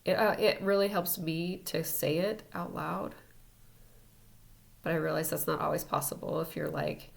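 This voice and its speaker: A woman teaching an energy healing technique in a casual, relaxed way, talking as she demonstrates tapping on herself. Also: sits low, moderate pace, vocal fry. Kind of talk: casual instructional talk.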